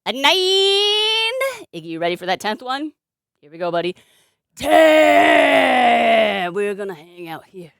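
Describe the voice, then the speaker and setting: A woman's voice: mid-range voice, big pitch swings, moderate pace, bright, forceful tone, dry recording, studio quality. A young adult woman streaming live at home, chatting casually with a playful, sing-song manner. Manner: playful, sing-song baby talk to her cat. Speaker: streamer and balloon artist.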